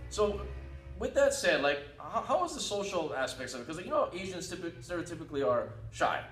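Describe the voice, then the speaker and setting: Animated male host, roomy distant sound. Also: high voice, a little fast, faint music behind. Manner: animated, joking, questioning. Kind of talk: casual interview chat. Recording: roomy, distant mic, faint noise.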